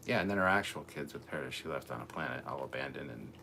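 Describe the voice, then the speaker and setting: A man with a low, deep voice chats casually on a home livestream, reading out comments with loose asides and fillers. A faint background hiss sits under the voice, picked up by a camera mic a little way off. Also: animated, quick pace, vocal fry, bright, forceful tone. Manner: rambling, easygoing, lots of fillers and asides. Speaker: livestream host reading chat. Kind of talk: casual live-stream chat. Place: home room with TV. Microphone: camera mic at a distance.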